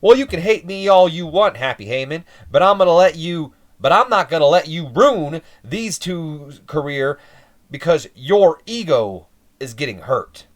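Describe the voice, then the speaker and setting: A man putting on a to play a belligerent male wrestling manager, shouting and ranting at a crowd. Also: on the high side, animated, unhurried. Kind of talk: mock wrestling promo.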